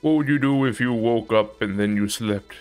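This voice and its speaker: Faint music plays behind a man streaming a shooter game, his voice medium-pitched and moderately paced. Frustrated, he swears, yells at the game, and complains about his health as enemies kill him in this casual commentary.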